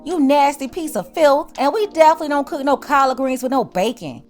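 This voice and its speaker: A woman's voice: high-pitched, fairly quick, darkish tone, soft background music. A woman hosting a political commentary channel, blunt and sarcastic in a scolding tone.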